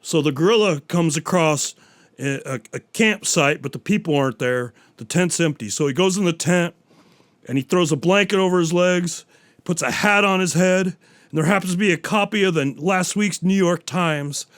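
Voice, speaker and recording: Brief: a profane, rambling podcast host with a slightly high voice. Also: male voice, moderate pace.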